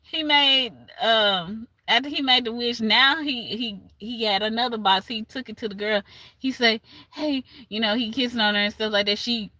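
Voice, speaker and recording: Bright-voiced woman retelling a story. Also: fairly high pitch, normal speed, no echo. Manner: animated retelling with laughs and asides. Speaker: livestream host. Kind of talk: casual storytelling recap.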